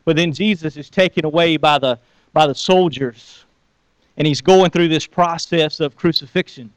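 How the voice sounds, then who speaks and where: A man's voice: on the high side, normal speed, clear, resonant tone, dry recording. A man preaching a sermon in a conversational way, often asking the audience questions and restarting his words. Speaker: pastor.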